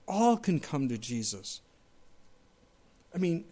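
A man preaching a sermon in an emphatic way, firing rhetorical questions and moving between loud outbursts and hushed asides. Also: a little high, very animated, measured pace, long pauses. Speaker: pastor.

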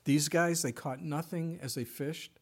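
A man's voice: on the high side, steady tone, unhurried. A male pastor giving a sermon in an earnest, emphatic way, with rhetorical questions.

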